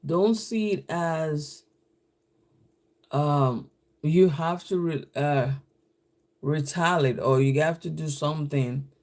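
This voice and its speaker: Slow, gravelly man telling a story on a live stream. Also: a little high, darkish tone. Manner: rambling, storytelling. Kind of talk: casual live-stream chat.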